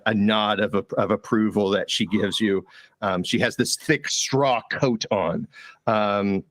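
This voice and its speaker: A man narrating a tabletop role-playing game as game master, halting with many fillers and repeated words. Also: fairly low pitch, fairly bright tone, no echo.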